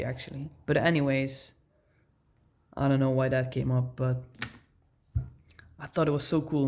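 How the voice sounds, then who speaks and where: A woman's voice: low voice, a little mellow. A woman giving a casual tarot reading, musing aloud in slang and laughing often. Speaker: tarot reader.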